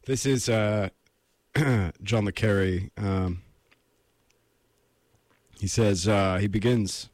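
A man's voice: on the low side, fairly even intonation, takes it slowly, long pauses, a little mellow, no echo. An American man hosting a casual solo show, rambling with self-deprecating asides before reading a book aloud. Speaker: podcast host reading aloud.

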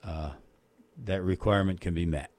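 A man's voice: low-pitched, fairly even intonation, moderate pace, a little mellow. A man co-hosting a radio show, chatting casually and announcing plans to listeners. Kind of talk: casual on-air chat.

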